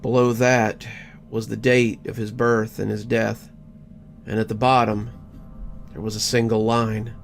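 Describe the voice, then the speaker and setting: A man narrating a first-person horror story in a measured, scripted way. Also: on the low side, flat delivery, creaky. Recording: faint background music.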